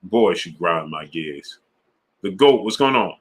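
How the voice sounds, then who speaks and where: A man hosting a sports live stream, chatting casually in slang and shouting out viewers by name. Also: sits low, animated, a little slow, husky. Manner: laid-back, slang-heavy, shouting out viewers. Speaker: sports channel host. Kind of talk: casual live-stream chat reading super chats.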